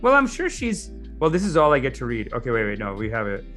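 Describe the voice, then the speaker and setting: A man's voice: medium pitch, huge pitch swings, fast, sharp tone, soft background music. A man co-hosting a casual political chat, chatty, laughing easily and reading things aloud off the screen. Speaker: podcast co-host.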